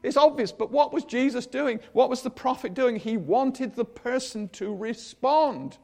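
A man's voice: extremely high pitch, measured pace, gravelly, a little mellow. An older man giving a chatty sermon, acting out the people in the stories. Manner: chatty, acts out quotes in voices. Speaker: preacher.

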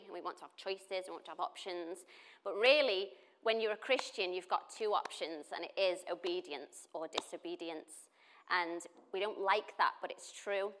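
Woman, casual sermon, chatty storytelling, bright voice. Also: fairly low pitch. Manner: chatty storytelling, laughs often. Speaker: pastor.

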